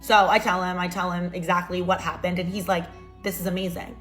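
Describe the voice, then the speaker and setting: A young adult woman narrates a personal drama, full of sarcastic asides and dramatic emphasis. Her voice sits at a moderate pitch, and soft music plays faintly behind her. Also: little pitch movement, fairly quick. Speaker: storytime narrator. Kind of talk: storytime narration for social video.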